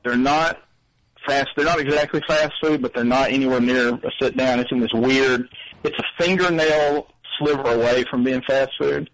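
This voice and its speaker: A man with a Southern accent calling into a show, chatting casually with dry quick wisecracks. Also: mid-range voice, steady tone, a bit bright, no room sound, low-quality recording. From Alabama. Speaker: caller. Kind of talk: casual chat.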